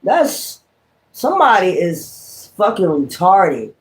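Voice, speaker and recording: Male tarot streamer with a high voice, delivering a profane, confrontational rant full of repetition. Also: normal speed. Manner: profane, confrontational, repeats himself. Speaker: tarot reader. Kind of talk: livestream rant.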